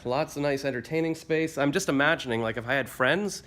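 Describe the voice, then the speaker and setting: A man's voice: fairly high pitch, a little fast, fairly bright tone. A man with a joking, self-mocking manner, hosting a casual walkthrough of a condo unit indoors. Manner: playful, self-mocking, exclamatory. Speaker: host touring a condo.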